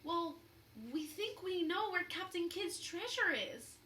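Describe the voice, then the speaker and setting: A woman's voice: extremely high pitch, takes it slowly, bright, forceful tone, slight background noise, voice pushed up, exaggerated voice. A woman reading aloud, voicing a polite, earnest young boy in a children's story. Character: eager young boy, cautious and clever.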